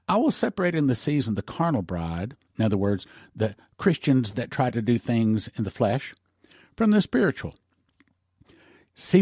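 A man's voice: medium pitch, darkish tone, breathy edge, no room sound, clean studio sound. A male pastor preaching on prophecy in a fervent, emphatic broadcast style.

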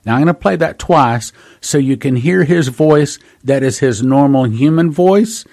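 A man's voice: mid-range voice, expressive, unhurried, a little mellow. A man hosting a prophecy talk show, preaching earnestly and calling his listeners brothers and sisters. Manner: reads dates and quotes at length. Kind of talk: preaching monologue.

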